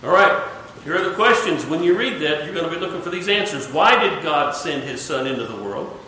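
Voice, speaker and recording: A man's voice: a little high, expressive, fairly quick, bright, forceful tone, slight background noise. A man leading a Bible study class, questioning his students and coaching them through the text.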